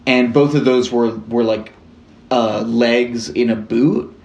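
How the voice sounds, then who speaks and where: A man's voice: mid-range voice, steady tone, slow, gravelly, darkish tone, echoey room, dull audio. A young man co-hosting a podcast, telling a true-crime story in casual chat, rambling with lots of "like" and casual swearing. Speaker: podcast co-host.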